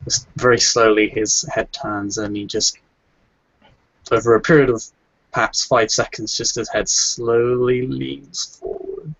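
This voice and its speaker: A man's voice: lowish voice, level tone, moderate pace, fairly bright tone, no echo. A man playing a tabletop role-playing game, describing his character's moves with many fillers. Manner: hesitant, with many fillers and restarts. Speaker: player. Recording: dry, dull lo-fi recording.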